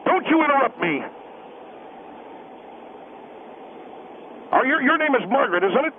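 A man's voice: very high voice, sing-song, fast talker, full character voice. A man voicing a pompous, combative middle-aged male talk-radio guest who needles and repeats his taunts in a sing-song way, heard over a phone line. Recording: tinny phone line with hiss.

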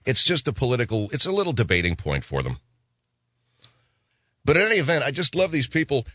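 A man's voice: mid-range voice, brisk, long pauses, no room sound. A man hosting a radio talk show, delivering a rambling comic monologue. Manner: rambling, animated, slips into mock voices.

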